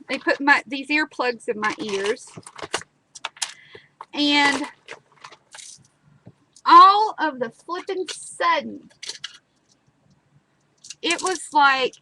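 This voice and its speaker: A woman, chatting and telling stories while demonstrating a craft project. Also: high voice. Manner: chatty storyteller, dramatic repetitions. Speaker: craft video host. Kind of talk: casual chat and craft demo. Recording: clear background noise, live stream.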